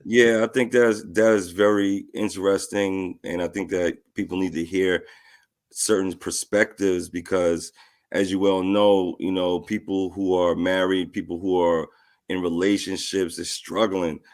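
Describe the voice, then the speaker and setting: A man's voice: sits low, flat delivery, measured pace. A man hosting a conversation, responding thoughtfully to his guest. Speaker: host. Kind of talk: interview conversation.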